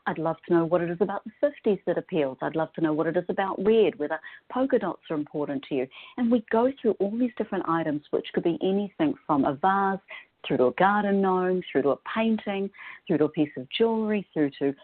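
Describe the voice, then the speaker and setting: Woman, New Zealand accent, enthusiastic interview guest, lowish voice, phone-quality audio. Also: lively intonation, quick pace. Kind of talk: podcast interview. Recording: tinny phone-line audio.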